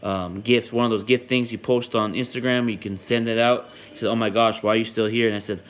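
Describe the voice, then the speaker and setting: A man's voice: fairly low pitch, fairly even intonation, a little fast. A young man hosting a sports podcast, chatting casually and rambling with frequent ums and restarts. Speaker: podcast host.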